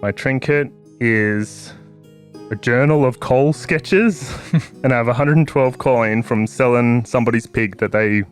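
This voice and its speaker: A man's voice: mid-range voice, a little slow, soft background music. A man, a tabletop player, casually listing his character's stats with small laughs. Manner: relaxed, laughing between stat lists. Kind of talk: casual chat about a game character.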